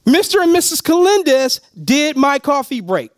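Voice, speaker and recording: A high-voiced man works a room full of listeners, his pitch leaping up and down as he sells them on a business. He talks in a loud, animated way, keeps calling out to the audience, and laughs often as he goes. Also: normal speed. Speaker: motivational speaker at a business opportunity meeting. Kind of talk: energetic live sales pitch. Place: meeting room with a live audience.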